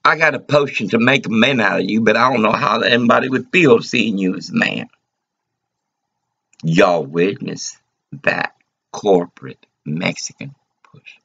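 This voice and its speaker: A man's voice: lowish voice, animated, unhurried, gravelly, sharp tone, breathy edge. A man delivering an agitated, rambling, profane rant to the camera. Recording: dull lo-fi recording.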